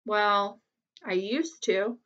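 A woman voicing a thoughtful, dignified male gorilla while reading a children's novel aloud, in a polite, measured way. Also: medium pitch, a bit bright. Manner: polite, measured storybook delivery. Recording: slightly muffled lo-fi recording.

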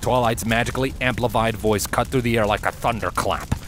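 A man reading fan fiction aloud in a steady, measured audiobook narration. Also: mid-range voice, over music. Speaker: fanfiction reader.

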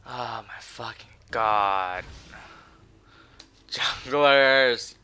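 A man commentating his own match, swearing and swinging from low muttering to shouted taunts. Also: very slow, a little hiss or hum. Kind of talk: raging gameplay commentary.

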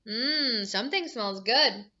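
A woman's voice: fairly high pitch, slow, bright, forceful tone, muffled recording. A woman voicing a grown man police officer who scolds and then gets hungry. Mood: scolding.

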